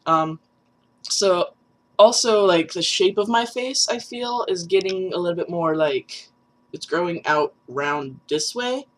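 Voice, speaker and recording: Young trans guy w a nasal voice, rambly chatty vlog, lots of likes and ums. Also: on the high side. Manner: chatty and rambling, many fillers, laughs at self. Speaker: vlogger. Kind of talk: casual vlog update.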